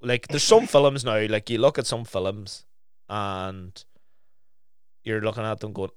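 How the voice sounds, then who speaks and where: A man's voice: lowish voice, fairly even intonation, moderate pace, clear, resonant tone, no echo, studio quality. A young man, chatting as a podcast co-host and telling stories animatedly, with a lot of swearing. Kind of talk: casual chat.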